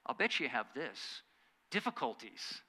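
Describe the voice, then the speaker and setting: A man preaching a sermon as pastor, earnest, swinging from loud emphatic lines to quiet, hushed asides. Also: medium pitch, big pitch swings, a little slow.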